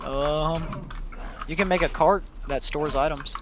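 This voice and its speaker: A man's voice: fairly high pitch, fairly even intonation, takes it slowly, background noise. A young man streaming a game from home with friends, blunt and sarcastic, swearing freely. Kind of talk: casual gaming chat. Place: home, at a computer. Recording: keyboard clicks behind.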